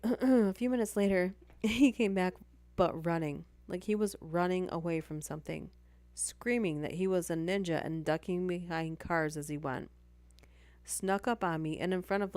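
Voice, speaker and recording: Woman, live-stream host, casual story reading, low pitch, dry sound, chatty asides. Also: a little mellow, dry recording. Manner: reads aloud, breaking off for chatty asides and apologies.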